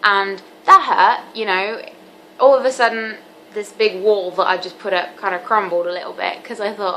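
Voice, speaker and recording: A teenage girl speaks earnestly to her camera, confiding in a halting way with plenty of ums. Her voice sits at an ordinary mid pitch. A faint hiss of background noise runs underneath. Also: fairly even intonation, a bit bright, poor audio. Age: teens. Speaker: vlogger. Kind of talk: candid personal vlog.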